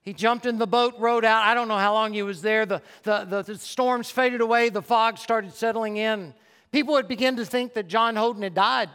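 A man preaching in a church auditorium, his high, bright voice carrying a long reverb through the hall. He tells stories with urgency, then drops soft and low as he pleads. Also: steady tone, normal speed, clean tone. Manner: impassioned storytelling, dropping soft and low for the altar call. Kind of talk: sermon.

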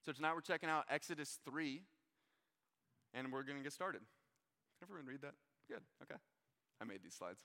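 A young man gives a laid-back sermon with a bright, forceful voice and a relaxed, chatty delivery full of fillers. His voice carries a long hall reverb, as if he is speaking in a large church hall. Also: medium pitch, brisk. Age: young adult. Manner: relaxed and conversational, many fillers. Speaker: pastor. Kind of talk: casual sermon to a live audience. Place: church hall with a live audience.

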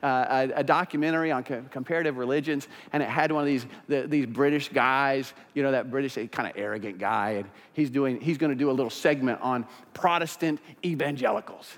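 A man preaching a sermon as pastor, swinging from quiet, intimate stretches to loud, fired-up passages. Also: medium pitch, a little fast, few pauses, big-room sound.

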